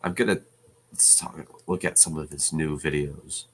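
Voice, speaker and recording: A man's voice: rumbling low, steady tone, normal speed, a little hiss or hum. A man hosting reaction commentary, speaking in a scornful, dismissive way. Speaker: channel host.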